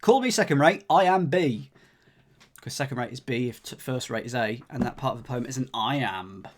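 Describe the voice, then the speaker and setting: A man's voice: medium pitch, expressive, a little fast, a little hiss or hum. Chatty man solving puzzles live. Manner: chatty, jokey, thinks aloud, talks to chat. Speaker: streamer solving cryptic crosswords with live chat. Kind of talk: casual live-stream chat.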